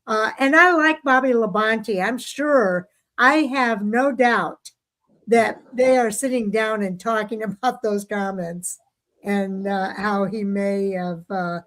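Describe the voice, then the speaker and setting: A woman's voice: mid-range voice, slow, a bit bright. A woman co-hosting a casual racing talk show, chatting with filler words and reading out listener comments. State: hiccups. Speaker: co-host.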